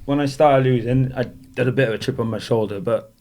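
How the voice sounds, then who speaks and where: A man's voice: mid-range voice, a little fast, mellow. A man, a former boxer telling rambling stories as a podcast guest and laughing through them. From Wales. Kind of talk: casual storytelling in a podcast interview.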